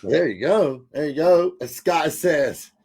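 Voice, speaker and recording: A man's voice: a little high, animated, slow, a little mellow, husky. A man hosting a wrestling podcast, talking in a hyped, loose way full of "uh" and "you know", reading out viewer comments. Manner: hyped, filler-heavy, reads out viewer comments. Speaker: podcast host. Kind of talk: casual podcast chat.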